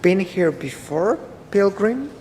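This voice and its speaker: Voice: mid-range voice, very animated, slow, a little mellow, big-room sound. An actor voicing a teasing, cryptic teenage boy in an audio drama. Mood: sly. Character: teenage boy, sly little con artist.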